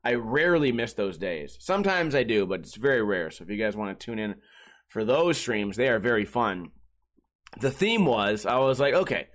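A young man hosting his solo live-streamed podcast, telling stories in a rambling, animated way with lots of swearing, a bit tired after just waking up. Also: fairly low pitch, normal speed. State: a little tired, just woke up. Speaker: podcast host.

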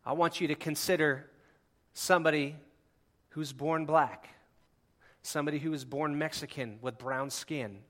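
Bright-voiced impassioned male pastor. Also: on the high side, moderate pace. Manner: impassioned, swinging from hushed to near-shouting; conversational, with asides and laughs. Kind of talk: sermon.

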